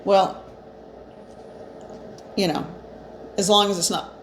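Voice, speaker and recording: A woman's voice: mid-range voice, steady tone, slow. A woman giving a casual spiritual card reading, chatty and reassuring, with fillers and restarts, a bit short of breath. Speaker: psychic reader. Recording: echoey room, faint ambient noise.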